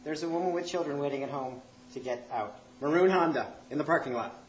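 A man's voice: fairly high pitch, fast, a little hiss or hum. A man calling out an announcement to a room full of people. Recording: echoey room with crowd.

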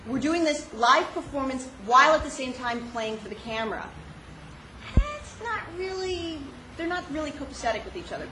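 A woman telling a personal story with animated delivery, frequent laughs and many fillers. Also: on the high side. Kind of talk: personal story told on stage. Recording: echoey room with noise.

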